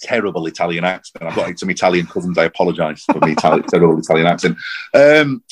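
A man, rambling and animated in casual football chat on a podcast. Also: deep voice, fast, husky. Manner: rambling, animated, repeats himself. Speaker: podcast co-host.

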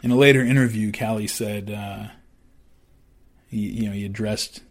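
A man podcaster narrating history in a measured, conversational way, with fillers and restarts. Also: fairly low pitch, steady tone.

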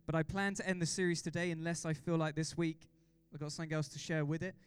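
A man preaching a sermon as pastor, excitable and exhorting the congregation with repeated questions. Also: on the high side, fast talker, clean tone.

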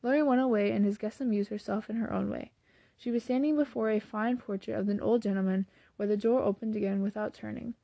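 A woman reading a classic novel aloud in plain, steady storybook narration, now and then correcting a slipped word. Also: mid-range voice, fast talker, creaky, no room sound. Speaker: audiobook reader.

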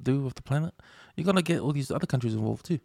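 A New Zealand man with a gravelly, creaky voice makes his points plainly in casual podcast talk. His voice sits mid-range and sounds dry and close to the mic. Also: mid-range voice, lively intonation, rapid-fire, dark tone, dry recording. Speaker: podcast co-host. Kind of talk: casual chat.

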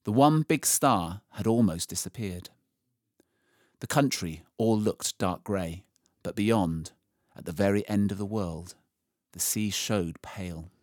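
A man reading a storybook aloud, slow and expressive, rising with the drama. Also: fairly low pitch, no room sound, clean studio sound.

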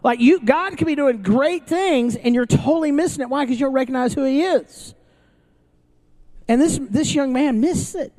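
A pastor preaches in a casual, joking style to a live congregation at a church service that is also streamed online, often restarting sentences and putting questions to the crowd. His voice sits high and warm, at a normal speed.

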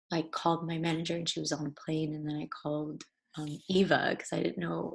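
A young woman actor in an interview, telling a personal story in a halting way with many restarts, at times tearful with her voice breaking. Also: low voice, level tone, vocal fry, a little hiss or hum. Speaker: actor guest.

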